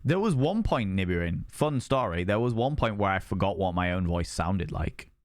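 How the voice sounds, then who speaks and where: A man's voice: low voice, animated, moderate pace, no echo, studio quality. A man chatting casually with viewers on a game stream, rambling and repeating himself.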